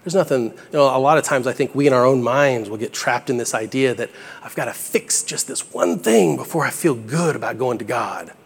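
A man's voice: mid-range voice, brisk, gravelly, breathy edge. A young adult man preaching a sermon in a church, talking in an earnest, conversational way that builds to bursts of emphasis. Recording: echoey hall with long reverb.

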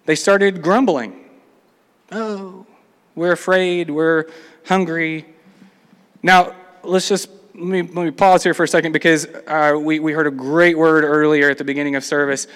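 A man's voice: on the high side, little pitch movement, a little fast, a bit bright, clean tone. Man preaching a sermon in a reverberant hall. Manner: reads scripture aloud, acts out the people's complaints. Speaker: pastor.

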